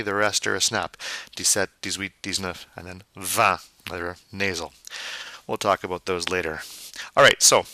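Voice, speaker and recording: A man teaching French vocabulary, modeling each word slowly and repeating it, with playful asides. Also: sits low, pushed and bright, dry recording. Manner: slow, drawn-out model pronunciations with repetition. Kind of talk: vocabulary pronunciation lesson.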